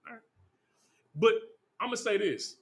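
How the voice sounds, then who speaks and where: A man leading a scripture class, teaching with streetwise banter and rapid rhetorical questions. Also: high-pitched, lively intonation, a bit bright.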